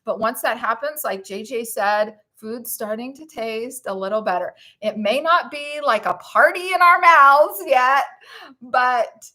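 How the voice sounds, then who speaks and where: Gushing, bright-voiced woman streamer. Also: a little high. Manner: warm, gushing, emotional, gets choked up; reads viewer comments aloud to the chat. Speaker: vlogger hosting a live stream. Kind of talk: casual live-stream chat.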